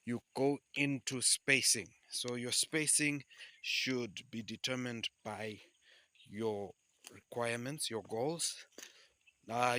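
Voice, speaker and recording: A man's voice: medium pitch, pushed and bright, no room sound. A man giving upbeat, emphatic farming advice in a casual vlog, slightly out of breath as he walks and talks, repeating his key points. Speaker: farming vlogger.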